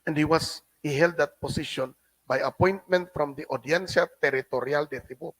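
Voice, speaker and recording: A middle-aged man with a Cebuano accent, giving a halting lecture as a guest speaker and often adding a questioning "no?". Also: fairly high pitch, a bit bright, dry recording, rough recording. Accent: Filipino, Cebuano. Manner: halting, with frequent restarts and tag "no?". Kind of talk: lecture reading a translated document. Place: hotel function room.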